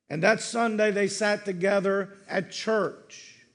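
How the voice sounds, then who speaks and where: Slow, earnest preaching man. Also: sits high, fairly even intonation. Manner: slow, earnest preaching with soft, dropping line endings. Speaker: pastor. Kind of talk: sermon.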